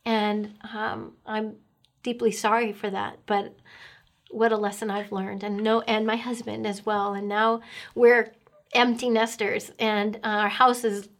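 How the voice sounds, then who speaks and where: A middle-aged woman speaks with an earnest, emotional tone. Her pitch stays fairly level and flat, and she hesitates often with fillers as she tells her testimony. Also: measured pace. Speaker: guest sharing testimony. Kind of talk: personal faith testimony.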